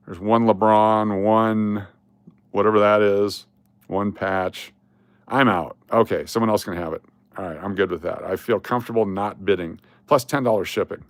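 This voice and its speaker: A man's voice: fairly low pitch, fairly even intonation, normal speed, no echo, studio quality. A man hosting a casual live stream, rambling along and breaking into sudden exasperated rants.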